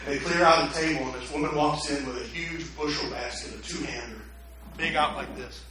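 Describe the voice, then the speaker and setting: A male preacher giving a sermon, telling a story dramatically and swinging from hushed to loud. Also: a little high, brisk, very echoey, crowd noise, rough recording.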